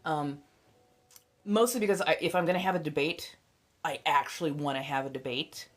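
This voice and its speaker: A young adult woman with a low voice talks at a normal speed while hosting a casual livestream. She reads tarot, and she's chatty and blunt, swearing freely and sprinkling her talk with fillers and laughter.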